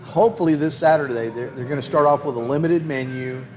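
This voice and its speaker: Fast and a little mellow, a medium-pitched male voice carries over lo-fi audio as he hosts a casual bar-lounge show. He's an enthusiastic, rambling storyteller who keeps restarting his sentences.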